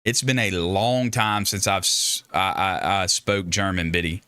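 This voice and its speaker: A man's voice: sits low, fairly even intonation, measured pace, sharp tone, clean tone, no echo, clean studio sound. A man hosting a casual livestream, chatting with viewers in a rambling, joking way with frequent restarts. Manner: rambling, joking, self-interrupting. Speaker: livestream host.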